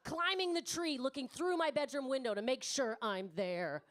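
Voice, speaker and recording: A woman in her thirties does stand-up in a comedy club, brash and profane, poking fun at the live audience. She talks at a normal speed in a high-pitched voice.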